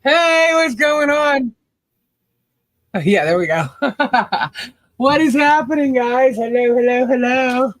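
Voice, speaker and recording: A woman's voice: sits high, very animated, takes it slowly, pauses often, no room sound. A woman co-hosting a casual livestream, chatting and greeting viewers by name with frequent laughs. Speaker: podcast co-host.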